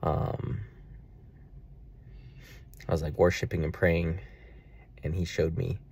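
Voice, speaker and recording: A man's voice: deep voice, little pitch movement, slow, darkish tone, slight background noise. A young man talking earnestly and at length in a personal video diary about faith and money. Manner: earnest, rambling, faith-filled reflection. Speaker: vlogger.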